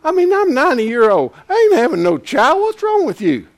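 A woman's voice: high-pitched, wildly swooping pitch, a little fast, pitched above the performer's own voice. A man doing old Sarah, scoffing. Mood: incredulous. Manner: scoffing, folksy. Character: elderly Sarah, scoffing and disbelieving.

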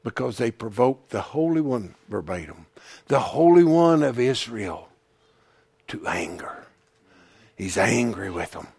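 A man preaching a sermon as pastor, rising to shouted peaks and falling to hushed, near-whispered lines, with emphatic repetition. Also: medium pitch, sing-song, measured pace, vocal fry, breathy edge, no room sound.

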